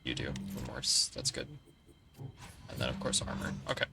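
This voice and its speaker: A man's voice: rumbling low, very animated, fairly quick, creaky, background noise. A man streaming a strategy game, talking through his tactics and chatting with viewers as he plays. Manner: analytical, talks through tactics while playing; chats with viewers between moves. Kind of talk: casual gameplay commentary.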